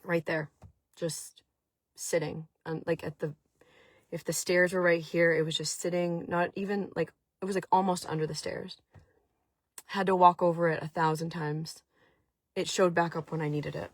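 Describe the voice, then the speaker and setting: A middle-aged woman with a Maine accent talks on a casual home stream in a fairly low voice. She rambles warmly through her story with lots of "like" and restarts. The sound is dry and close, with no room around it. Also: level tone, moderate pace, dry recording. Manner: chatty, emotional, many fillers and restarts; talks to viewers in the chat. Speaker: host of a chat stream.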